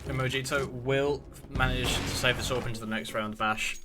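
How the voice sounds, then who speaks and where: A man's voice: mid-range voice, fairly even intonation, normal speed, loud music behind the voice. A man in his thirties from the UK casting an esports match alone, chatty and talking to his stream chat between plays. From United Kingdom. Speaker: esports caster. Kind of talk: solo play-by-play game commentary.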